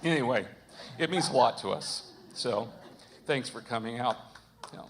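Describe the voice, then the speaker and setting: A man's voice: mid-range voice, moderate pace, a crowd in the background, noisy background. A man hosting a live concert, chatting in a rambling way with many fillers and chuckles. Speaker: concert host. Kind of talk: casual live emcee chat. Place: church concert.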